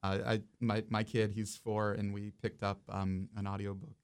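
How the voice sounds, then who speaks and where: A man's voice: lowish voice, monotone, normal speed, smooth. A man guesting on a radio show as a dungeon master, easygoing and explaining with lots of fillers. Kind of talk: casual radio interview. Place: radio studio.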